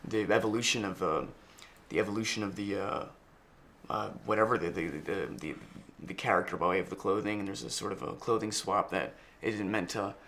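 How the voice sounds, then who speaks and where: A man's voice: on the low side, a bit bright, slight background noise. A young male actor in a press interview, talking in a loose, rambling way full of fillers and restarts. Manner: rapid, rambling, lots of likes and restarts.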